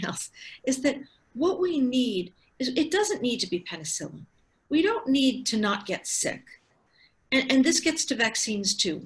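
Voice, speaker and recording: A medium-pitched, slightly bright voice belongs to a woman in her sixties, a physician and researcher, who explains things one step at a time over a video call and frequently restarts.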